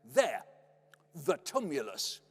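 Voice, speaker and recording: A man's voice: a little high, huge pitch swings, takes it slowly, breathy edge, pitched below the performer's own voice, heavily acted. A man voicing his eager older father, who loves walks and sayings, heard with long hall reverb. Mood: excited. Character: enthusiastic older father, outdoorsy, fond of sayings.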